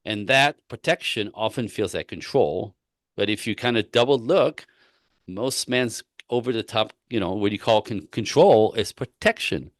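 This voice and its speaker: Low-voiced man coaching with emphatic repetition. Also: moderate pace, no room sound, studio quality. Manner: emphatic, repetitive, animated storytelling. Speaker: relationship coach. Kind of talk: casual interview talk.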